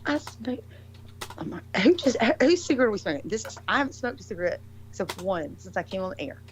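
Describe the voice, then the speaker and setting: A woman's voice: medium pitch, big pitch swings, quick pace, a little hiss or hum, poor audio. A woman talking casually and argumentatively as a guest, swearing often and rambling with restarts. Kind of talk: casual chat.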